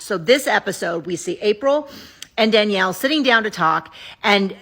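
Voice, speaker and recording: A woman's voice: fairly high pitch, expressive, moderate pace, a bit bright. A woman giving candid, opinionated casual commentary to camera as a vlogger recapping a show.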